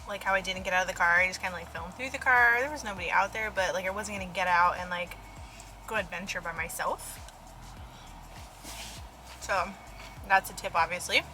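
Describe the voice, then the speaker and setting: A young woman chats casually as she vlogs, rambling and full of fillers. Her voice is bright and forward, caught on a camera mic. She sounds relaxed and conversational, as if talking to a friend. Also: mid-range voice, normal speed, long pauses, faint music behind, rough recording. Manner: chatty, rambling, lots of fillers. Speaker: photographer vlogger. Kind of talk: casual vlog narration. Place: in her car and at a restaurant.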